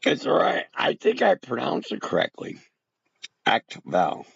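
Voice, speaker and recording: Brief: gravelly middle-aged male streamer, slow and rambling, wide pitch swings, dry dull mic. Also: huge pitch swings, fairly bright tone, no echo. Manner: rambling, talks to chat viewers by name. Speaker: livestream host. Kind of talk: rambling casual livestream chat. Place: home bunker.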